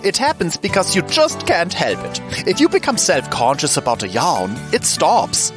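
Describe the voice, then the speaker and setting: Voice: medium pitch, wildly swooping pitch, moderate pace. A performer voicing a quirky know-it-all professor who explains a science question in a lecturing, mock-scholarly way, over a music bed. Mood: explaining. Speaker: segment presenter.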